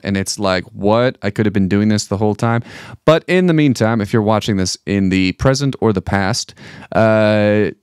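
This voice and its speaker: A young comedian giving casual, wry closing remarks. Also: male voice, fairly low pitch, clean tone, no echo, studio quality. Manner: wry, offhand.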